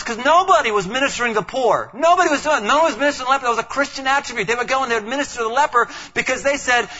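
A man preaching a sermon as pastor, animated, acting out quoted voices, often repeating words as he goes. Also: very high-pitched, very fast, hardly any pauses, dull audio.

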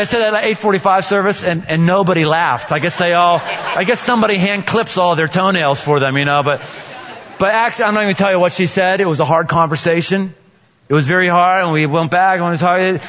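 A man preaches to his congregation in a lively, joking way, slipping into acted-out voices for the people in his stories. His voice sits a little high for a man. The sound is dull and rings with a long reverb from a large church hall. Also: a little fast. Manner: animated, joking, acts out voices. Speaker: pastor. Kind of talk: sermon.

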